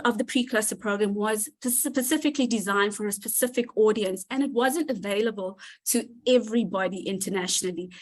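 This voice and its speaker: A woman's voice: fairly high pitch, low-quality recording. A woman speaking to her online community on a call, heartfelt and gushing, close to tears. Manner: heartfelt, gushing, thanks people by name. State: near tears. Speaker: community leader presenting to members. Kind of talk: emotional speech on a live community call.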